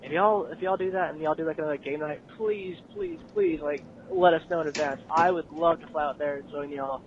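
A higher-pitched man leaves a friendly voicemail that rambles along, thick with ums and uhs. The sound is squeezed and tinny, as if played back through a phone line, with a faint rumble behind it. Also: lively intonation, brisk. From Texas. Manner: rambling, friendly, uses lots of fillers. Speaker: listener leaving a voicemail. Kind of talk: casual voicemail message.

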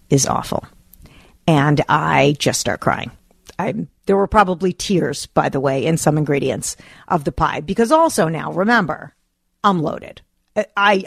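A middle-aged woman hosting a talk radio show, telling a personal story in an animated way and acting out her own past lines. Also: deep voice, creaky, no room sound, clean studio sound.

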